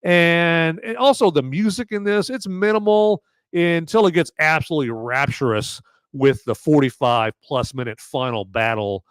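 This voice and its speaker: A man's voice: a little high, expressive, moderate pace, smooth, no room sound, clean studio sound. A man hosting a podcast, giving a casual movie and beer review, rambling with lots of fillers and asking "okay?" often. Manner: rambling with many fillers and okays. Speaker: podcast host.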